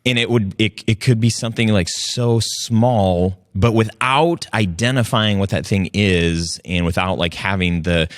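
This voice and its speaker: Man, host, very deep voice, rambling, jokey, dry close sound. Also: a little slow, hardly any pauses, no room sound. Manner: rambling, many restarts, jokey. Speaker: podcast host. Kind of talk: casual interview talk.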